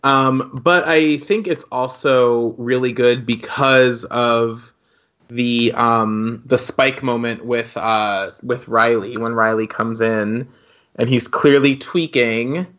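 Man, podcast co-host, bright tone, rambly and giggly, lo-fi recording. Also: mid-range voice, fairly even intonation, takes it slowly. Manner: rambling, laughs often, swears casually. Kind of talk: casual podcast chat.

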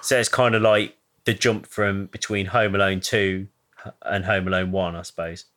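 A man's voice: sits low, little pitch movement, moderate pace, fairly bright tone. A man co-hosting a podcast who chats casually and tosses in jokey questions. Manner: joking, tosses in quips and questions. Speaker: podcast co-host. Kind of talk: casual film-review chat.

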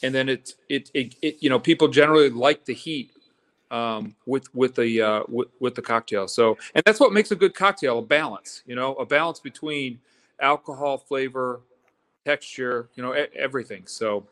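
A man from Florida, a distillery guest in a casual bar chat, who talks haltingly, repeats words and explains things slowly. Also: medium pitch, fairly bright tone.

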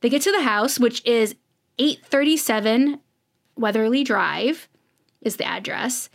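A woman's voice: a little high, unhurried, vocal fry. A woman co-hosting a podcast, recapping episodes in a chatty storytelling way. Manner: chatty storytelling, acts out quotes. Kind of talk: casual recap chat.

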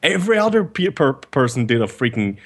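A man's voice: medium pitch, very animated, fairly quick, husky. A man co-hosting a podcast in casual chat, rambling and restarting his sentences, swearing for emphasis. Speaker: podcast co-host.

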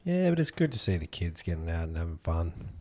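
A man's voice: low voice, big pitch swings, fairly quick, mellow, slight background noise. A man hosting a comedy podcast, dry with mock-upbeat announcing. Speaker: host.

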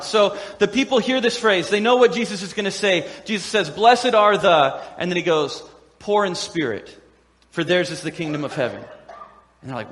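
A man preaching a sermon as pastor, animated and laughing often as he acts out the voices of crowds and quotes. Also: sits high. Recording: echoey hall with long reverb.

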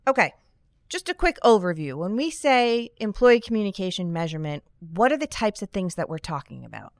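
A young woman hosts a podcast in a bright, upbeat way with flashes of dry sarcasm. Her voice is clear and smooth, recorded close with a dry sound. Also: medium pitch, big pitch swings, a little fast, no room sound. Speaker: podcast host. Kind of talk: scripted podcast conversation.

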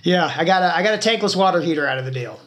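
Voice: medium pitch, lively intonation, rapid-fire, a bit bright. A podcast host telling a long story in casual chat, swearing freely and telling it with animation.

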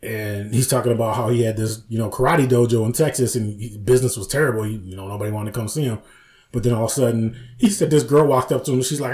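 A man's voice: mid-range voice, fast, darkish tone. A man co-hosting a casual podcast, who retells comedy sketches with acted-out lines, laughs often and swears freely. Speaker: podcast co-host. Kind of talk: casual chat.

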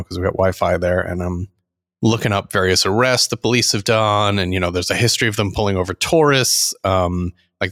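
Middle-aged male podcast co-host, low gravelly voice, lively storyteller who acts out quotes. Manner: animated anecdote teller, acts out quotes. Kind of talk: casual storytelling chat.

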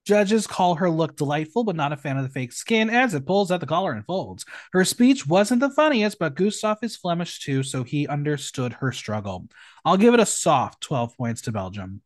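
A man hosting a casual recap podcast, opinionated and animated. His voice sits a little high and swings widely in pitch. He is recorded dry and close, with no room sound. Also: moderate pace, no echo. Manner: animated, opinionated, swings between loud and hushed. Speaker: podcast host.

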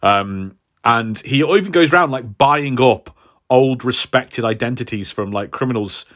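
Man, co-host, casual chat, rambling, hesitant fillers, mid-pitched voice. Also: measured pace, a bit bright. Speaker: podcast co-host.

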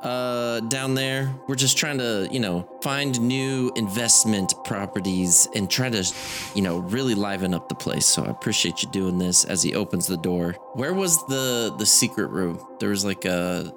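A man's voice: fairly low pitch, normal speed, over music. A man playing a tabletop game, talking casually in character with a drawl.

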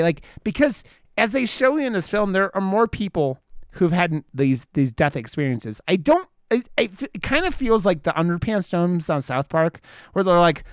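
Man, 30s, casual chat, lively swooping voice, dry close sound, swears a lot. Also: a little high, clear, resonant tone, no echo. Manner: rambling, swears freely, lots of fillers.

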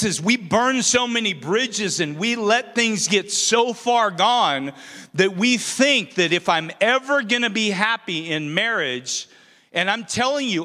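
A man's voice: sits high, pushed and bright. A man in his forties preaching a sermon, earnest and self-deprecating, with playful outbursts. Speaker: pastor. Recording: reverberant hall.

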